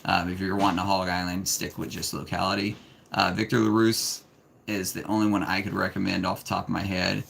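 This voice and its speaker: A man with a gravelly, creaky voice chats casually on a live stream. He gives plainspoken, frank advice to viewers, and he talks to his young son in a gentle, patient way. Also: deep voice, little pitch movement, a little fast, a little hiss or hum. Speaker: snake breeder hosting a live stream.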